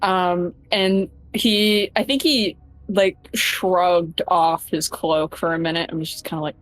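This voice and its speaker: A woman playing her character in a tabletop game, talking slowly and thoughtfully about him, with bursts of loud laughing exclamations. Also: on the low side, steady tone, slight background noise, low-quality recording.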